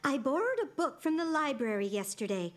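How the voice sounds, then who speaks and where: A gentle, patient grandma. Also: female voice, high-pitched, very animated, brisk, soft background music. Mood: coaxing. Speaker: grandmother character. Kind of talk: cartoon voice acting.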